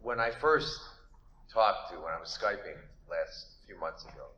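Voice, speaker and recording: A man's voice: sits low, lively intonation, unhurried, very noisy. A man introducing a guest speaker at a conference, friendly and admiring. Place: lecture hall. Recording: echoey hall.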